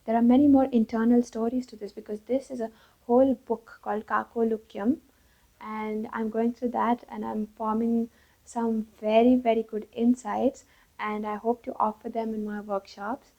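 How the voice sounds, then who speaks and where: A woman with a raised pitch and a husky, gravelly texture tells a fable in a lively way. Her tone is warm and mellow, and she shifts her voice for each character in the tale. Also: normal speed, lo-fi sound. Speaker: storyteller. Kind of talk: storytelling for children.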